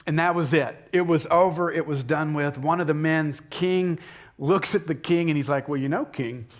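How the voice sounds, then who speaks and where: Man, pastor, animated sermon storytelling, slightly high voice, leaps up for characters' lines. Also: moderate pace. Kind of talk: sermon retelling a Bible story. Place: church sanctuary.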